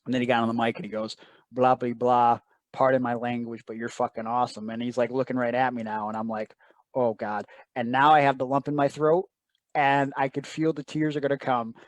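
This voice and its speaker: A man's voice: mid-range voice, flat delivery, fairly quick, dry recording. A man telling a personal story as an interview guest, earnest and emotional, often quoting others in asides.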